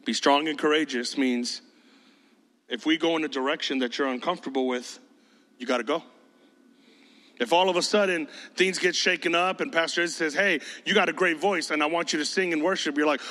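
A man's voice: a little high, brisk, pushed and bright, big-room sound. A man preaching to his youth group in a casual, joking way, often mimicking teenagers' voices. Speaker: youth pastor. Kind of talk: sermon.

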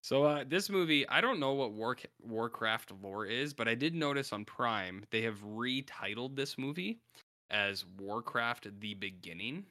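A man's voice: mid-range voice, expressive, measured pace, pushed and bright, dry recording, clean studio sound. A man co-hosting a podcast in a casual, rambling chat, laid-back and sometimes swearing. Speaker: podcast co-host.

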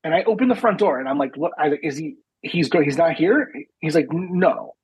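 A man in his thirties, a podcast co-host, telling a story in casual chat, profane and animated, acting out the dialogue. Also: fairly high pitch, normal speed, breathy edge, no echo, rough recording.

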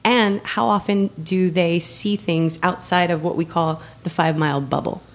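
A woman's voice: lowish voice, steady tone, normal speed. A woman talking casually in an interview about mentoring girls, telling stories with frequent laughs and fillers. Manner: warm storyteller, laughs often, many fillers.

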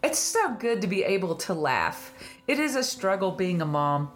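A woman's voice: mid-range voice, very animated, normal speed, soft background music. A woman with a Southern country accent hosting a casual faith-based podcast, laughing often and telling stories with animation. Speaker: podcast host.

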